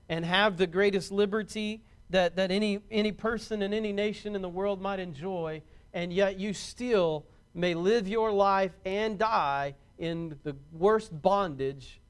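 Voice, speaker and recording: A pastor preaching a sermon in an earnest, heartfelt manner with emphatic repeats. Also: male voice, high voice, clear, resonant tone.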